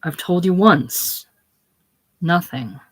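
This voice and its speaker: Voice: mid-range voice, a little slow, natural voice. A reader voicing a proud, bitter young farm woman in a casual play reading, speaking hard and grim. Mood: brooding. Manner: hard and grim, with soft crooning moments.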